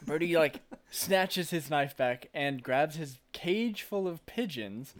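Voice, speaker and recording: A man's voice: a little high, lively intonation, takes it slowly. A man in casual chat recapping a film, laughing often, swearing freely and acting out lines of dialogue.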